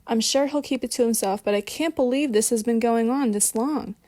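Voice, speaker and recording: A woman reading the part of a caring, concerned female friend with a soft, sympathetic delivery. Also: a little high, a little fast, dry recording, studio quality, close to an everyday voice.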